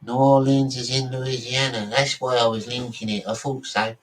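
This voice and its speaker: A man's voice: medium pitch, steady tone, normal speed, fairly bright tone, distant mic, rough recording. A man from Britain vlogging in a casual, rambling monologue, often correcting himself and swearing offhandedly.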